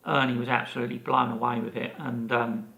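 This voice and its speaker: Older man, podcast co-host, gravelly and bright-toned, chatty storyteller. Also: medium pitch, a little fast. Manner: animated anecdote teller, many fillers and restarts. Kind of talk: casual storytelling chat.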